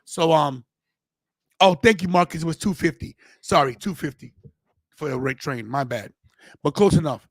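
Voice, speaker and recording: A man's voice: a little high, moderate pace, creaky, pauses often, husky, no room sound. A man hosting a podcast in casual chat, telling a rambling story with many restarts and fillers. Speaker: podcast host.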